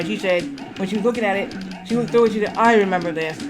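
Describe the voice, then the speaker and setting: A man's voice: high voice, fast talker, over music. A man streaming a game who tells a long, rambling story and keeps repeating "I said" and "she said".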